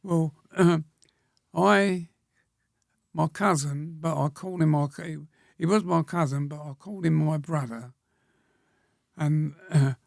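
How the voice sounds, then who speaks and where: In reminiscing interview answers, a war veteran aged about 100 speaks plainly and slowly, pausing often and clearing his throat. His voice is gravelly and a little high, recorded close and dry with no room sound.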